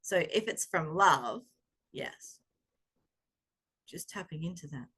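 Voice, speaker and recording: A middle-aged woman coach giving a reflective talk on intuition, gentle and conversational, often pausing to search for words. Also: fairly low pitch, expressive, slightly rough. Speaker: self-growth coach.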